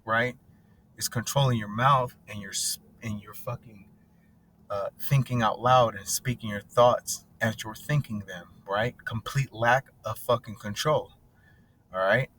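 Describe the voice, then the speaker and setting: A man's voice: lowish voice, a little slow, a bit bright, a little hiss or hum. A man teaching scripture in a blunt, casual, profane way, often asking "right?". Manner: blunt and profane, tags lines with "right?" and "bro".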